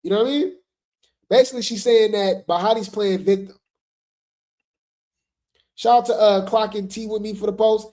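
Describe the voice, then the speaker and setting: Brief: laid-back gossip commentator, slangy, filler-heavy, mid-pitched voice. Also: steady tone, moderate pace, long pauses, a little mellow. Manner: slangy, chatty, full of fillers and asides.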